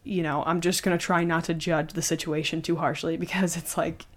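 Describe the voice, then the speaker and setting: A woman's voice: low voice, little pitch movement, brisk. A woman hosting a podcast, casually retelling a true story with lots of conversational fillers. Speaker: podcast host.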